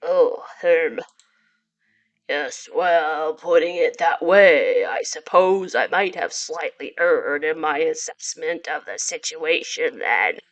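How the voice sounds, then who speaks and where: A woman voicing a polite, doting stone monster man in a game read-through, with a put-on gravelly, formal way of talking. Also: low voice, animated, slow pace, highs cut off, voice pushed down, exaggerated voice. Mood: flustered. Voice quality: attempted gravelly stony voice. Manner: formal old-fashioned phrasing, apologetic.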